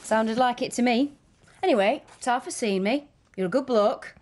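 An actress playing a blunt, chatty working-class client, who talks in a plain, colloquial way. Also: female voice, on the high side, moderate pace, darkish tone, a little hiss or hum, lightly acted. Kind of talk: radio drama.

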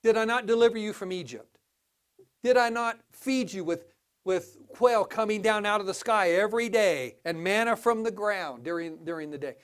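A man preaching a sermon in a church, animated, with sudden rises to exclamations, drops to low asides, and frequent restarts. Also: moderate pace, smooth. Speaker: pastor.

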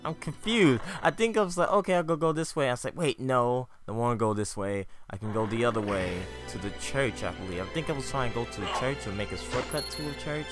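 A man giving casual, animated commentary on his gameplay, joking and trash-talking the enemies. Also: medium pitch, fast talker, hardly any pauses, over music. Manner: animated, trash-talks enemies, jokey asides. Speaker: let's play commentator.

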